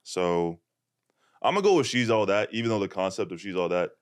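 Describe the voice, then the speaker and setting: A laid-back young man hosts a casual podcast chat, his voice low-pitched and smooth. He laughs easily and talks in loose, relaxed runs. The sound is dry and close. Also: a little fast, no echo. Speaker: podcast host.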